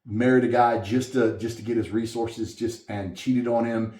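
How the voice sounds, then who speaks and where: A man's voice: mid-range voice, normal speed, roomy sound. A man from Southwest Louisiana, a musician guest, telling a story in a casual interview at a coffeehouse and acting out the voices of the people in it. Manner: animated storyteller, quotes others with lively swings. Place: coffeehouse, indoors.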